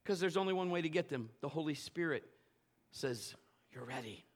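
A man preaching a sermon at a church service, animated and playful, moving between loud exhortation and quiet asides. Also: on the high side, fairly quick.

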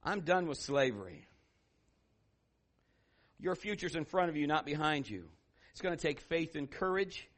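A middle-aged man preaching a sermon, telling a story with animated swings from hushed asides to loud exclamations. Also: a little high, moderate pace, pauses often. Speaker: pastor.

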